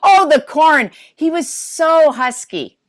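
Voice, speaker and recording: A woman trades setups and punchlines in an improv game, her pitch sitting a bit high and moving around a lot. She delivers them playfully and laughs through them. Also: big pitch swings, slow pace. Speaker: improv player.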